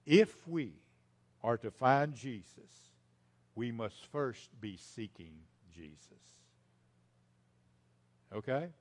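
Emphatic preacher man, mid-pitched. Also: very animated, slow pace, pauses often. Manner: emphatic, repeats key lines, swings from loud to hushed; speaks directly to the congregation as folks. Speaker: pastor. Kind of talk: sermon.

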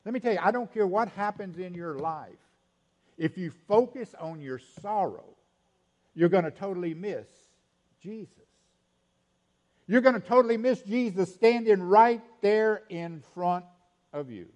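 A man preaching a sermon, repeating phrases and dropping to a hush for quoted lines. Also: high-pitched, measured pace, pauses often, muffled recording. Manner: animated preaching, swings between loud emphasis and hushed quoted lines, repeats phrases. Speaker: pastor.

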